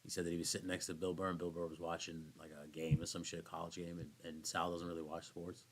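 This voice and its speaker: A man's voice: sits low, completely flat delivery, quick pace. A man co-hosting a podcast, chatting casually in a rambling, self-deprecating way. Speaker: podcast co-host. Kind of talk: casual chat.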